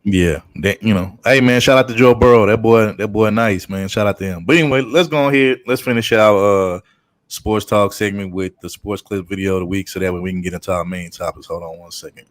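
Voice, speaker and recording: A man's voice: on the low side, fairly quick, no echo, clean studio sound. A man co-hosting a casual talk show, joking and trash-talking, tacking "bro" onto his lines. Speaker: podcast co-host. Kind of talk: casual chat.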